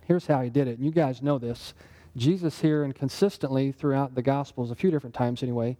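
A fast-talking man with a mellow, mid-range voice teaches from the Bible in an interactive sermon. His manner is conversational, and he often poses questions to those listening.

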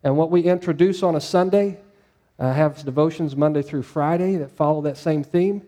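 A man's voice: a little high, moderate pace, dark tone, in a large hall. A male pastor preaching a sermon in a conversational way, putting questions to his congregation.

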